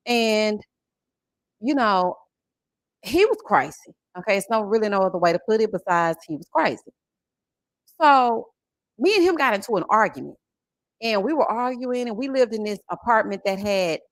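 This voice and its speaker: A woman in her forties chatting on a livestream, telling an animated, expressive story and thanking viewers. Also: medium pitch, no echo. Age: 40s. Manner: animated, expressive storytelling with chat shout-outs. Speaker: livestream host. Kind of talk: casual livestream chat and story time.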